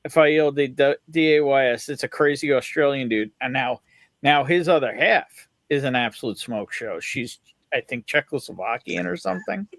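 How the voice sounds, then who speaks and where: A man co-hosting a podcast in casual chat, with quick, offhand banter. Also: mid-range voice, animated, fairly bright tone, dry recording. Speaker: podcast co-host.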